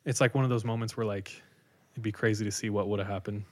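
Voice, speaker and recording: Animated man retelling a story. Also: on the low side, fast. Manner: animated, with many likes and quoted voices. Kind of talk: casual storytelling.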